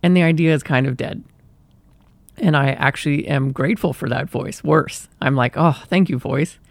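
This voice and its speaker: A man's voice: mid-range voice, moderate pace, vocal fry, no room sound. A young man hosting a solo podcast, talking casually and self-deprecatingly and acting out his own inner voice. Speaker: podcast host.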